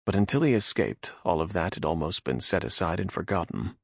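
A man narrates a fantasy audiobook in a very low, gravelly voice with a husky grain. His delivery rises and falls with the story. The sound is close and dry. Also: animated, a little fast, no room sound.

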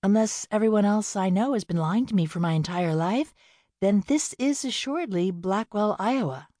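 A woman's voice: mid-range voice, animated, normal speed, dark tone, no echo, studio quality, pitched above the performer's own voice, lightly acted. A woman voicing an earnest, flustered young farm woman who speaks kindly and trips over her words when nervous. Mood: flustered, caring.

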